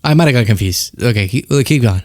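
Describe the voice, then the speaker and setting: A man's voice: medium pitch, expressive, fast, dry recording. Male show host, wry and incredulous, dry studio sound. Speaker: political commentary host. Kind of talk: casual commentary on played clips.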